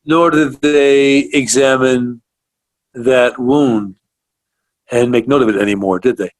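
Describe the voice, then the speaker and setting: A man's voice: medium pitch, fairly even intonation, slow pace, no room sound. A man hosting a radio interview, asking questions and reacting with surprised interjections. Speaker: radio show host.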